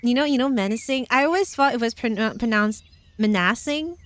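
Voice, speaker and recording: Talking fast in a fairly high voice with no echo, this young virtual streamer casually reads out tarot card meanings. She giggles a lot and often stops to make playful asides.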